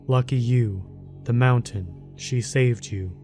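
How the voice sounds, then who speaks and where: Man voicing hulking mountain guardian, deep rumbling voice, thick rural accent, blunt and serious, mellow tone, faint music behind, horror storybook. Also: takes it slowly, lightly acted. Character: huge rough male mountain guardian, gruff.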